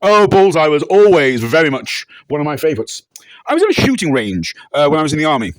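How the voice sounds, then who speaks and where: A man telling rambling, deadpan, absurd comic anecdotes and breaking into shouted catchphrases. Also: on the high side, quick pace, dry recording. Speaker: comedic interviewee. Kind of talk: deadpan absurd comedy monologue.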